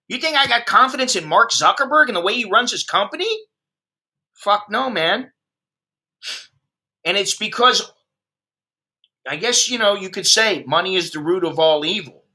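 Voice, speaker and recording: An American man in his fifties, an expat vlogger, rants bluntly and profanely while chatting with viewers on a livestream. His voice sits high and sounds bright and forceful, animated at a moderate pace with long pauses.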